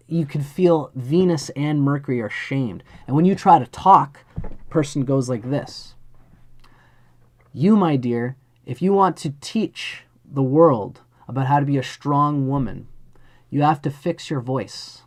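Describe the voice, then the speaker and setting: Man, astrologer, live chart reading, earnest, talks right to you, mid pitch. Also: animated, measured pace, darkish tone. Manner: earnest, speaks straight to the listener, acts out little scenes.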